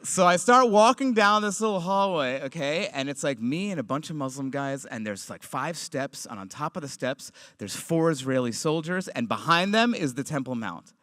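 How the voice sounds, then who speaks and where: A man performing stand-up comedy, animated and swinging between loud punch lines and quiet asides. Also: on the high side, moderate pace, few pauses, dry recording, studio quality.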